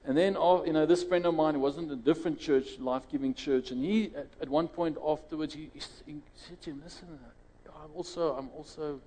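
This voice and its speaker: This South African man preaches a sermon capped by a prayer, his dark, mellow voice steady, a little fast, and rarely pausing. He talks conversationally, often restarting phrases and jumping up in pitch to quote others, and a lingering hall reverb follows each word.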